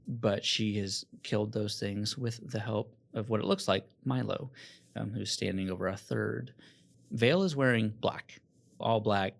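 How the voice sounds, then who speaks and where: A man's voice: on the low side, vocal fry. A man running a tabletop game as game master, narrating casually with fillers.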